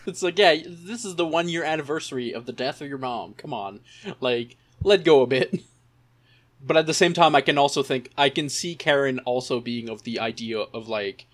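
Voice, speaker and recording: A man's voice: medium pitch, normal speed. Rambling man on a casual anime podcast. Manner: rambling, many "like" fillers, acts out characters' thoughts. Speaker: podcast co-host. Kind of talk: casual anime recap chat.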